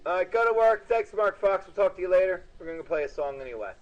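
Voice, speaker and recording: A man's voice: sits high, animated, quick pace, muffled recording. A man hosting a podcast, teasing his guest in swearing banter. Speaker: podcast host. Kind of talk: casual chat.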